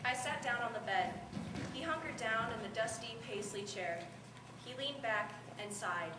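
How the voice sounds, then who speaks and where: A woman's voice: a little high, moderate pace, natural voice. A teen girl narrating as a reflective teenage girl. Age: teens. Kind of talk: first-person narration in a student stage performance. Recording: echoey room from far off, noisy.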